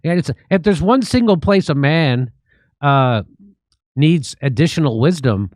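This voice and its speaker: A male comedy host riffs in a sarcastic, mocking tone, his voice pitched a bit high and swinging widely up and down. The sound is close and dry, with no room behind it. He delivers his satirical commentary with punchy, joking timing. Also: lively intonation, a little slow, darkish tone, no echo.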